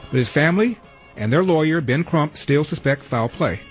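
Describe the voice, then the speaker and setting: A man's voice: fairly high pitch, lively intonation, moderate pace, soft background music. A man hosting a talk radio show, running through headlines with wry, sarcastic asides.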